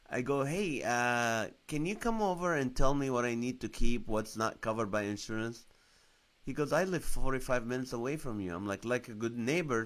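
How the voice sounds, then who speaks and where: A man's voice: mid-range voice, fairly bright tone. A middle-aged man hosting a live stream, telling rambling jokey stories to viewers and laughing often. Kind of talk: casual comedic storytelling to live viewers. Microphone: phone or webcam on a live stream.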